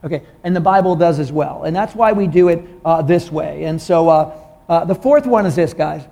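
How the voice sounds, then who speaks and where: A man pastor preaching a sermon in a casual, conversational way, asking the congregation questions and rising in pitch when he gets excited. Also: moderate pace, vocal fry. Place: church room with congregation.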